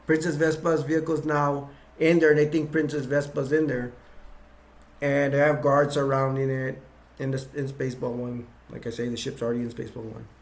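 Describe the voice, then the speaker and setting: A man's voice: mid-range voice, little pitch movement, fairly quick. A man giving a casual movie plot recap, rambling with frequent restarts and chuckles. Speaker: video reviewer.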